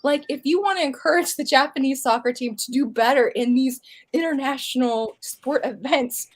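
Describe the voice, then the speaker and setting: A woman's voice: high voice, normal speed. A young woman on a casual podcast chat, ranting passionately and apologizing for it. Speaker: guest.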